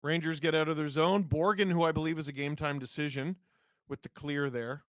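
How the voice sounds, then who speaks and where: A hoarse man, his voice a little high and roughened by a cold, is hosting a live watch-along for hockey. He calls the game quickly and reads the chat, erupting in sudden excited shouts, with no echo in the audio.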